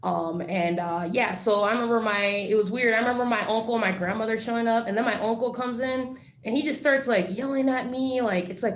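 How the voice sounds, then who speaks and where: A woman's voice: a little high, a little fast. A woman vlogger telling a personal story in casual, rambling talk, full of "like" and blunt swearing. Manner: rambling, filler-heavy with frequent "like". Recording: roomy echo.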